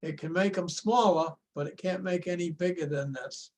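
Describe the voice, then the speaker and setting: A man's voice: high voice, moderate pace, darkish tone, a little hiss or hum. An older man telling a rambling, folksy story on a video call. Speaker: show-and-tell presenter.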